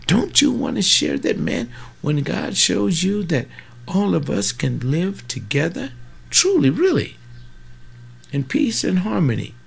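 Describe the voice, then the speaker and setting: A man's voice: on the high side, wildly swooping pitch, a little slow, vocal fry, husky. A man in his seventies preaching in an informal, rambling way, fervent, with folksy asides and sudden bursts of emphasis. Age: 70s.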